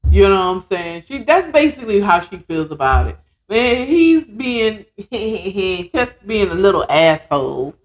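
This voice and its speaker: A woman's voice: mid-range voice, very animated, unhurried, few pauses. A woman hosting a casual storytelling podcast, chatty and digressive with lots of asides.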